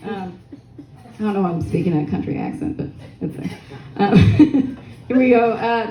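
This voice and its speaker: A woman's voice: mid-range voice, expressive, normal speed, warm tone. A young woman doing a stand-up comedy set, crude, rambling and self-mocking, with audience laughter behind her. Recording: echoey room with faint noise.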